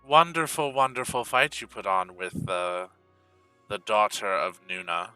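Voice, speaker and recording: A man's voice: fairly low pitch, lively intonation, unhurried, pushed and bright, clean tone, no room sound, faint music behind, full character voice, rough recording. A man voicing a smug, menacing male dwarf priest who schemes in a fantasy tabletop game.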